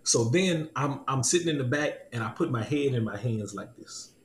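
In this casual testimony chat, a male podcast host with a mid-range, animated voice shares a personal story at a moderate pace, often laughing and going back over his lines. There's slight background noise, and the room is echoey with faint ambience.

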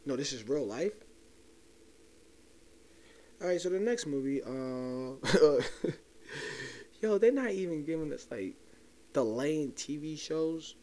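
A man's voice: a little high, expressive, takes it slowly, long pauses, darkish tone. Profane young man ranting casually. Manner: loose, profane, conspiratorial, talks straight to listeners. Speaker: podcast host. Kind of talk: casual solo podcast rant.

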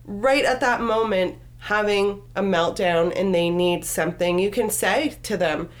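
A woman calmly explaining parenting tips in a casual chat. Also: medium pitch, a little slow. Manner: calm, explanatory, finishes others' points.

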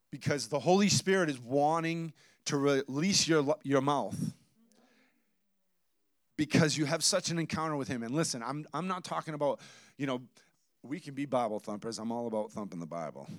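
A man preaching a sermon, telling stories with quoted dialogue and building to emphatic loud bursts, then dropping to low intense asides. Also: normal speed, pauses often, no echo, studio quality. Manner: storytelling with quoted dialogue and restarts. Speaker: pastor.

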